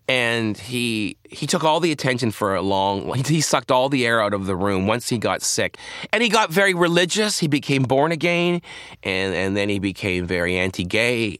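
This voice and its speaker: A man speaking as an interview guest, telling a personal story candidly in a halting way with frequent restarts. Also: lowish voice, fairly bright tone, dry recording, clean studio sound.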